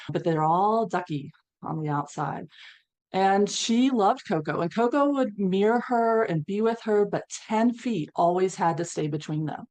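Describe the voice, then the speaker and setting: Woman on a healing panel, lowish voice, tells her story with lots of feeling and acted-out quotes. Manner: animated storyteller, acts out quotes, laughs between lines. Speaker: panelist, equine-assisted healer.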